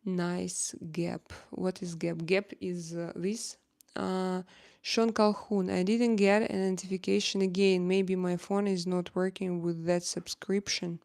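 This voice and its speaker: Slow, gravelly Russian-accented woman. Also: lowish voice, flat delivery, a little mellow. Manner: slow and hesitant, many filler sounds, playful teasing. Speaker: livestream host reading viewer comments. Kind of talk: casual livestream chat.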